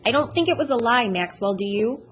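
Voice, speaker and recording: A woman voicing a weary, caring woman doctor in an audiobook, speaking gently, patiently and frankly. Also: on the high side, lively intonation, brisk, slight background noise, voice pushed up, natural voice. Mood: gentle. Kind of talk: audiobook character voice.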